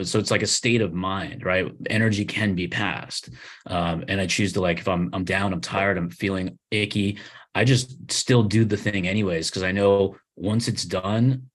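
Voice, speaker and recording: A man co-hosting a livestream, talking in a blunt, profane, motivational way. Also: deep voice. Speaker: podcast co-host, agency owner. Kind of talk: casual livestream chat.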